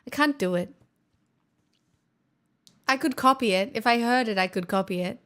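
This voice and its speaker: A woman's voice: a little high, moderate pace, a bit bright. A young Australian woman chatting casually on a live stream, playful and a little dramatic. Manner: playful, self-mocking, dramatic. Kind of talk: casual chat.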